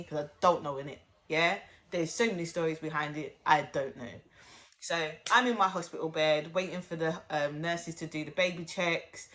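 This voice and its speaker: A woman's voice: sits low, a bit bright. A woman telling a personal story on her vlog, blunt and chatty, swearing freely and talking straight to her viewers. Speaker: vlogger.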